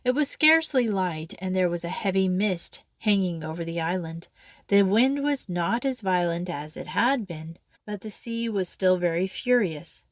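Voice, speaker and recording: A woman reading a true story aloud in a measured, expressive way. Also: fairly low pitch, no room sound, studio quality.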